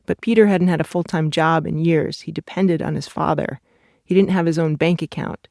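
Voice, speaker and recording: A narrator reading scripted documentary narration in a measured, even way. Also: medium pitch, gravelly, no echo, clean studio sound.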